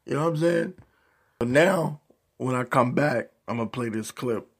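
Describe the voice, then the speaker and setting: A man's voice: mid-range voice, normal speed, creaky, slightly rough. A man giving a casual, profane rant as a YouTube commentator, heavy on slang. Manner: profane, animated ranting with slang.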